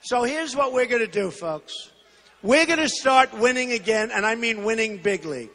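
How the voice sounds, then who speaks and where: Man in his sixties, very high voice, rally speech, punchy repetitive phrasing, long hall reverb. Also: animated, normal speed. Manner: shouts some lines. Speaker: political candidate. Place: large rally venue.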